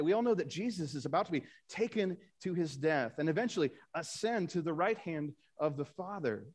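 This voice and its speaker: Fairly high and expressive, this man's voice moves briskly with few pauses. He's a pastor preaching on a Sunday, reading scripture aloud with rising emphasis and asking his congregation rhetorical questions.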